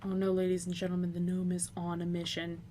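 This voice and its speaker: A woman giving casual video game commentary into a home computer microphone, excitable, swearing freely and breaking into loud exclamations. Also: lowish voice, quick pace, a little hiss or hum. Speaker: gameplay commentator.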